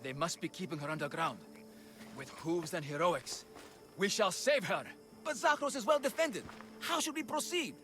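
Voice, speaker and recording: A man's voice: sits high, expressive, moderate pace, fairly bright tone. A blustering comic father. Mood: boastful. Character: bumbling, boastful father in a bull costume. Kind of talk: game cutscene acting. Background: game score music.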